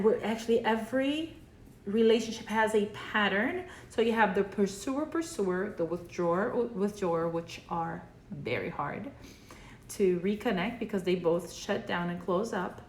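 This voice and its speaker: A woman's voice: medium pitch, a little slow. A woman therapist giving a casual video lesson, explaining conversationally and often checking in with "right?". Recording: echoey room, faint background hum.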